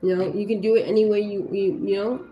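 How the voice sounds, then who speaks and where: Talking fast and flat in a mid-range voice, this livestream host with young kids gets heated and blunt, cursing freely and leaning on fillers like "you know" and "like." The audio sounds cut off in the highs, set in an echoey room with a little background noise.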